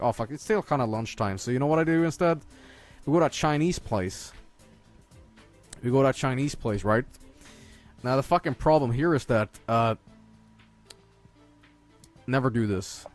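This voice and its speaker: A male streamer telling a long story in a profane, rambling rant full of restarts, getting loud and shrill when he is worked up. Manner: gets loud and high-pitched when worked up. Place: home streaming setup.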